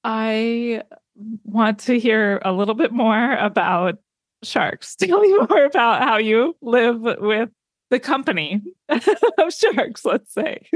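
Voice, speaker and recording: Soft-spoken woman podcast host. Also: a little high, animated, slow, no room sound, studio quality. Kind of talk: interview podcast.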